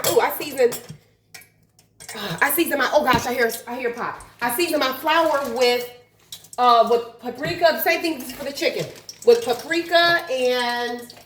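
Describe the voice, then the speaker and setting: A woman vlogging casually while cooking, nervous and excitable, gasping and saying "oh gosh" often. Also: high voice, normal speed. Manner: chatty, nervous and excitable, lots of gasps and "oh gosh". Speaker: health and life coach, vlogger. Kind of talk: casual home cooking vlog. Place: home kitchen. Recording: echoey kitchen with faint frying noise.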